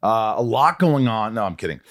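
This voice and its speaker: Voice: mid-range voice, animated, brisk, noisy background. A podcast host interviewing a guest, playful and jokey, often talking over them. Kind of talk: casual interview chat.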